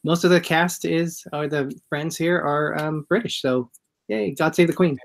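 A man's voice: fairly high pitch, a little slow, gravelly. A man guest on a casual live-stream chat, cheerful.

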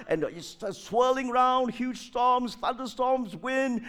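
High-voiced animated male preacher. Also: moderate pace, hardly any pauses. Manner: animated, rhetorical questions, swings between loud and hushed. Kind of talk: sermon.

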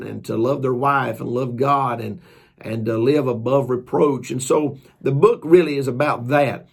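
Gravelly preacher man. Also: medium pitch. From Georgia, US. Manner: folksy and earnest. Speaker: preacher and author. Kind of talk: casual storytelling talk.

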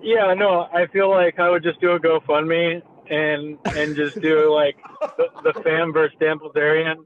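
A man's voice: on the high side, little pitch movement, unhurried, a little hiss or hum. A man in his thirties telling a story in a casual, profane, laid-back way, as a guest. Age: 30s. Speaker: guest, meme creator. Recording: tinny phone line.

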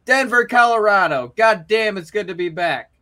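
A cocky, arrogant wrestling champion shouts a boastful promo, as a man puts him on. The voice is high and bright, and pushed loud. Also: animated, normal speed.

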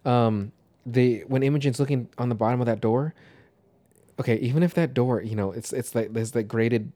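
A man's voice: mid-range voice, normal speed, warm tone. A man co-hosting a casual movie podcast, rambling and swearing freely as he talks. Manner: rambling, swears, trails off and restarts. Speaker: podcast co-host.

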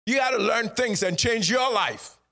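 A male pastor preaching a sermon. He acts out short bits of dialogue and builds up to loud, emphatic calls to his congregation. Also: very high-pitched, moderate pace, creaky. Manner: lively preaching that acts out dialogue in changing voices; rises to loud emphatic exhortation.

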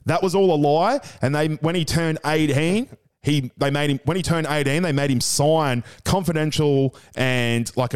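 A young Australian man co-hosting a podcast in casual chat, blokey and quick to swear and laugh. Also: medium pitch, a little mellow, smooth. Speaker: podcast co-host.

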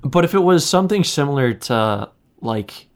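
A man's voice: a little high, animated, normal speed. A man with a Midwestern American accent, co-hosting a podcast in casual chat, loose and rambling and swearing freely. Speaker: podcast co-host.

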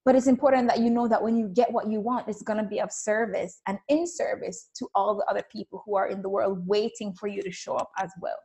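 A woman's voice: mid-range voice, fast talker, few pauses. A woman giving a casual motivational talk on intuition and business, telling stories and acting out the people she quotes. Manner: animated storytelling, acts out quoted voices. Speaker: spiritual business coach.

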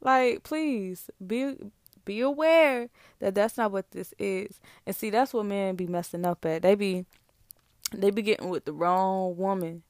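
A young woman rants about relationships in a casual, sassy and emphatic way. Her voice sits at a middling pitch, and she is recorded dry and close. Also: a little slow, dry recording. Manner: sassy, animated, emphatic with laughs. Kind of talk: casual relationship rant to camera.

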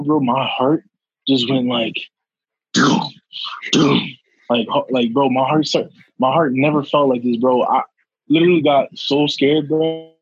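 A young man telling a casual, slangy story, animated and laughing often. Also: mid-range voice, slightly rough, no echo, highs cut off.

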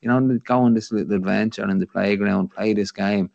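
A man with a Dublin accent talks through his thoughts in a very deep, gravelly voice, circling back with "you know what I mean." The recording is dry and a bit dull, with a lo-fi podcast feel. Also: fairly even intonation, a little fast, darkish tone, dry recording. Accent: Irish, Dublin. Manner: reflective, rambling, says "you know what I mean" often. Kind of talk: casual podcast conversation.

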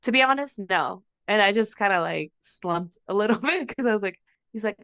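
A young woman on a podcast tells a story in casual chat, stringing it along with lots of "like" and acting out every quote. Her voice is bright and smooth, sitting a little high. The recording is dry and close. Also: a little fast, dry recording. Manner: animated storytelling, acts out quotes, frequent "like". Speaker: podcast co-host.

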